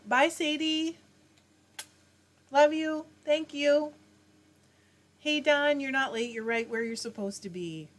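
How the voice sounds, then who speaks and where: A woman's voice: mid-range voice, a bit bright. Chatty woman hosting a live chat. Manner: chatty, reads viewer comments aloud and answers them. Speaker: livestream host reading chat. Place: home, fiber arts livestream.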